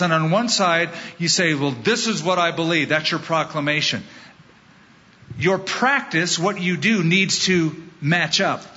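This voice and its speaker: A middle-aged American man preaches with a bright, forceful voice that sits a little high for a man. He delivers a measured, emphatic sermon and weaves in personal anecdotes. The recording sounds a bit dull and muffled. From California, United States. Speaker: pastor.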